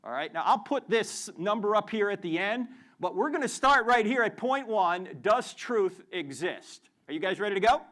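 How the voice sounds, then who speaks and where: A man giving a lively apologetics lecture to a student audience in a university hall, joking and quizzing the crowd with questions. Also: sits high, moderate pace, hardly any pauses. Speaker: Christian apologist speaker.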